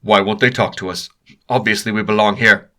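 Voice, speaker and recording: A man voicing a male professor who booms and blusters. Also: steady tone, fairly quick. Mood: blustering. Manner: loud, blustering.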